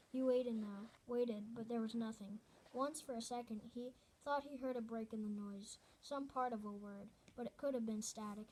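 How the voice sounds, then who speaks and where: A woman reads a novel aloud in a fairly high voice. Her delivery is earnest and unpolished, and she often stumbles, restarts and corrects herself mid-sentence. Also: steady tone, normal speed, few pauses, darkish tone, slightly rough. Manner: earnest reading with frequent restarts and self-corrections. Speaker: reader.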